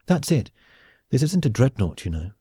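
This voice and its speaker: A man's voice: mid-range voice, sing-song, normal speed, mellow, breathy edge, dry recording, pitched above the performer's own voice. A man voicing a dry, sarcastic young woman pilot in an audiobook. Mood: sardonic. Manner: dry, sarcastic, matter-of-fact.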